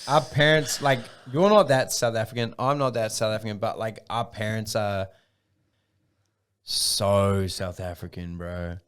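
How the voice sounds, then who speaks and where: A man's voice: on the low side, measured pace, fairly bright tone, clean tone. A young man from Australia hosting a casual podcast chat, teasing and swearing in slang. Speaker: podcast host. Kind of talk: casual banter.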